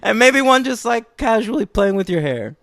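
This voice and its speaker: A man co-hosting a casual film podcast, crude and joking. His voice sits a little high and moves a lot in pitch. It is recorded close and dry. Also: sing-song, moderate pace, creaky, fairly bright tone, dry recording. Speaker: podcast co-host. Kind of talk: casual film review chat.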